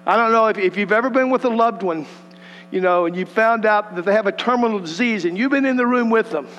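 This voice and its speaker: A man preaching a sermon, animated and folksy, acting out the voices of the scripture passages. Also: sits high, fast, dull audio, soft background music. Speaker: pastor. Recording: long hall reverb with mains hum.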